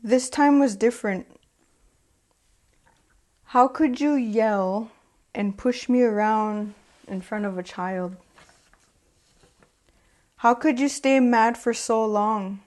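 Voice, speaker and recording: A woman performing a spoken word poem with a measured, deliberate delivery and long pauses. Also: on the high side, a little mellow. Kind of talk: spoken word poetry recitation.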